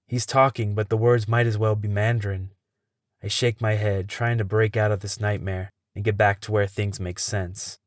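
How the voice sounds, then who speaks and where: A man with a lowish voice narrates a first-person thriller for his podcast. He tells it in a measured, tense way. The recording is close and dry, with no room around it. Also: flat delivery, no echo. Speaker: podcast host and storyteller.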